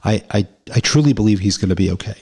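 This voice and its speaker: A man's voice: on the low side, quick pace, mellow, husky. A man voicing a curious, earnest young grandson in a spoken parable, eager and a bit anxious.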